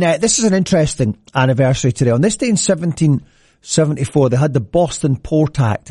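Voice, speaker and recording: A man's voice: mid-range voice, a little mellow, no room sound, clean studio sound. A man hosting a morning radio show, chatting in a casual, jokey way and slipping into silly voices. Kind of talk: casual radio patter with traffic and comic history. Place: radio studio. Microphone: close studio mic.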